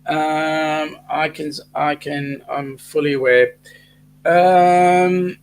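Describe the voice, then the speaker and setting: A man's voice: fairly high pitch, steady tone, drawn-out words, slight background noise, low-quality recording. An Australian man hosting a casual livestream chat, reading out viewer comments and answering them. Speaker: host of a weekly cruise chat livestream.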